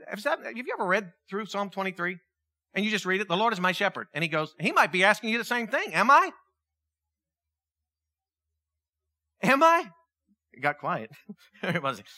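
Animated high-voiced male preacher. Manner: animated, questioning, acts out quotes. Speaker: pastor. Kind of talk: sermon.

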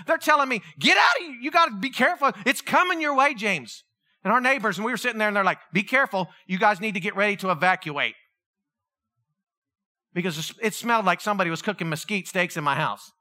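Lively high-voiced male preacher. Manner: animated, conversational preaching with acted-out quotes. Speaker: pastor. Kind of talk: sermon.

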